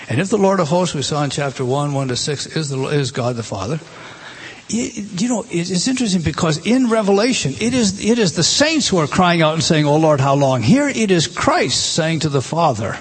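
A man's voice: on the high side, slightly rough. A middle-aged man preaching a conversational Bible-teaching sermon, asking his listeners rhetorical questions and reading scripture aloud with feeling.

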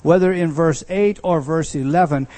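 Man, pastor, conversational sermon teaching, mellow tone, slightly high voice, emphatic restarts. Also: moderate pace, no echo. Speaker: pastor teaching a Bible study.

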